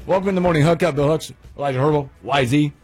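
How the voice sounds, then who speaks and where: A man hosting a morning sports radio show, chatting casually with a lively, laughing manner. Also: a little high, fast, breathy edge, soft background music. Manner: animated, sing-song greetings, laughs often.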